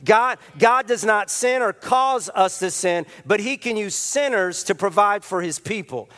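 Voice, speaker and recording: High-voiced preacher in a reverberant hall. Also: male voice, measured pace. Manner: animated storytelling, acts out quotes with comic voices. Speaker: pastor. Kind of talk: sermon. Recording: long reverb of a large hall.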